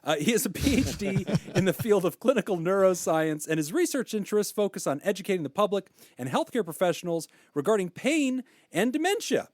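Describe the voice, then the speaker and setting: A goofy American podcast host with a high, very lively voice that swoops up and down as he jokes. He hams things up and keeps the banter loose. The recording is close and dry. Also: fairly quick, few pauses, dry recording. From United States. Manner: goofy, joking, hammy.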